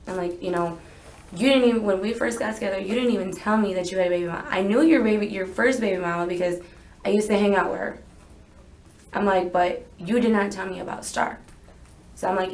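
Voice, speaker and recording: In an echoey interrogation room, a young woman being questioned as a witness recounts events to a police interviewer. Her mid-range voice holds a steady tone and moves a little fast, broken by long pauses. She rambles and sounds unsure, hedging her memory as she goes.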